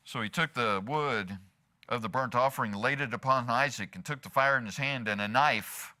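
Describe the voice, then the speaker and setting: A man's voice: medium pitch, moderate pace, sharp tone. A man as pastor preaching a sermon in church, asking the congregation rhetorical questions and slipping in humor.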